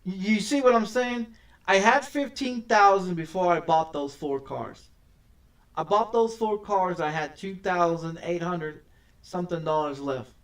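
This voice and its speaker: A man's voice: high voice, measured pace, far from the mic. A man streaming a game and ranting as he plays, swearing often and stammering over repeated words. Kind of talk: casual gameplay commentary.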